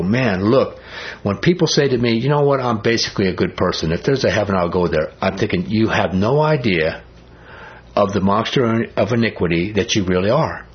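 A man's voice: lowish voice, muffled recording. Man preaching a conversational sermon. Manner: conversational, animated preaching with rising emphasis. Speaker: pastor.

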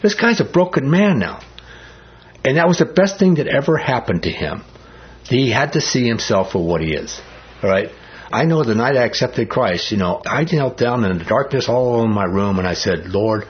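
A man preaching a sermon as pastor, speaking in a conversational, animated way that builds in emphasis. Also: medium pitch, moderate pace, highs cut off.

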